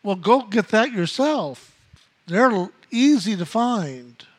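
Slow, high-voiced male spiritual teacher. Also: expressive. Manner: repetitive, emphatic, with blunt asides.

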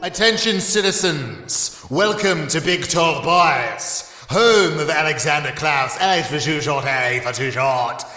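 A pompous self-made male leader declares his rules in slow, grand proclamations, voiced by a man. His voice sits somewhat high and sounds set back from the mic. He speaks with overblown solemnity. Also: animated, pushed and bright, reverberant, in a large hall, soft background music. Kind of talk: comedic podcast bit.

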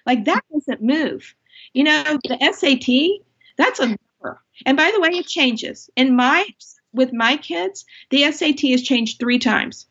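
A woman's voice: sits high, lively intonation, unhurried, fairly bright tone. A middle-aged woman who is an author, talking earnestly and with passion as a guest in a faith-based podcast conversation. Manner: earnest, impassioned, emphatic. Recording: dull lo-fi sound.

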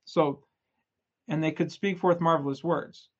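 A man's voice: on the high side, measured pace, breathy edge. Upbeat man teaching scripture, lo-fi audio. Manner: energetic, chatty, playful retelling. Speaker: scripture study presenter. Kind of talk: casual scripture lesson.

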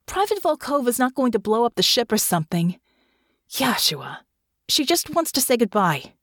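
A young soldier woman with a secret, voiced by a woman reading aloud talks in a sharp, commanding but weary way. Her pitch sits above the narrator's own. The recording is dry and close. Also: big pitch swings, normal speed, no echo. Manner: sharp and commanding, tired and soft.

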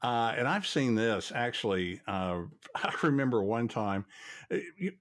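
A man's voice: medium pitch, lively intonation, a little slow. A man, a podcast host telling folksy stories from his work in radiology. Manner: folksy, storytelling, chatty. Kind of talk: casual chat.

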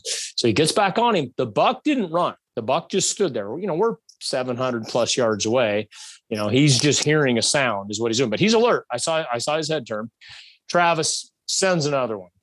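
A man telling a hunting story in a casual, animated way, acting out shots and bits of dialogue. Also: mid-range voice, no room sound.

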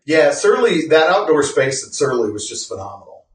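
A man's voice: on the high side, very animated, normal speed, recorded from a distance. A man co-hosting a podcast in casual chat, rambling, self-correcting, and laughing often. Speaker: podcast co-host. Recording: roomy sound from off-mic.

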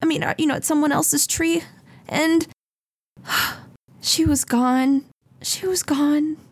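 A woman's voice: high voice, fairly even intonation, slow pace, voice pushed up. A woman voicing a distraught village mother who pleads tearfully for help finding her daughter.

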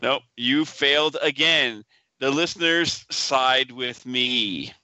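A man's voice: mid-range voice, takes it slowly, bright, forceful tone, no echo. A man hosting a casual pinball podcast, teasing his co-host and gloating with enthusiasm.

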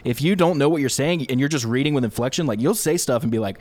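A young man talks casually and at length, walking through his process one step at a time. His voice sits at an ordinary middle pitch. The sound is dry and close, with no room echo. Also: quick pace. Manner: explains step by step, relaxed and talkative. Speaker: YouTube creator, guest. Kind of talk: casual conversational interview. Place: home studio room.

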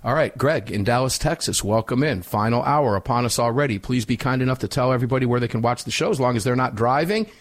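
An energetic middle-aged man hosts live talk radio in an ordinary mid-range voice. He is folksy and upbeat, drawing out words when he wants to drive a point home. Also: medium pitch, fast talker, few pauses. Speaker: radio talk show host.

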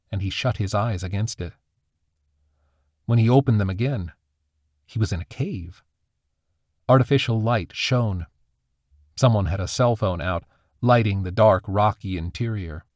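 Man reading an audiobook, lowish voice, dry close sound, steady storytelling. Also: no echo. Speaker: narrator. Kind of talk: scripted audiobook narration.

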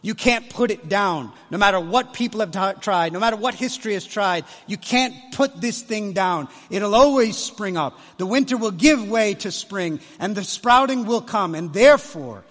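Impassioned preacher man, high voice. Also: lively intonation, normal speed, few pauses. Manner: impassioned, swings from hushed to loud. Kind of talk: conference sermon. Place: large conference hall. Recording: long hall reverb.

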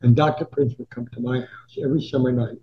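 Old guy in his 90s spinning stories, does little voices for people, mid-pitched, kinda dull lo-fi sound. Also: fast talker. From Newark, New Jersey, USA. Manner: animated storyteller who acts out quoted voices. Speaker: sportswriter guest. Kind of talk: anecdotal storytelling.

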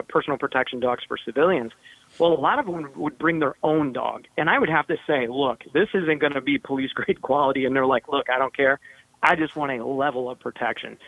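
A man's voice: a little high, dry recording. A man who trains dogs, explaining step by step in a casual podcast chat. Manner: explanatory, breaks ideas down step by step. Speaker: podcast host, dog trainer. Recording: tinny phone-like line.

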